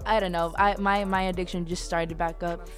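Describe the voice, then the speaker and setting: A woman's voice: lowish voice, flat delivery, moderate pace, soft background music. A young woman, a student co-hosting a podcast, talking in casual chat that is loose and rambling, full of fillers and casual swearing. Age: young adult.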